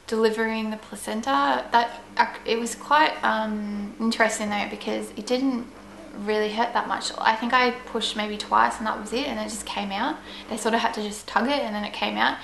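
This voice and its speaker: Flat, fry-edged young woman. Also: a little high. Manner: chatty, meandering, full of "like" and "you know". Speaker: vlogger. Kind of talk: casual personal storytelling. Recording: echoey room with faint ambient noise.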